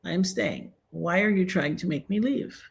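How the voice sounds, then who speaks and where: A woman's voice: moderate pace, creaky. Earnest, preachy middle-aged woman streaming. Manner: earnest and preachy, with sudden high exclamations. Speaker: livestream host. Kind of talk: casual livestream talk.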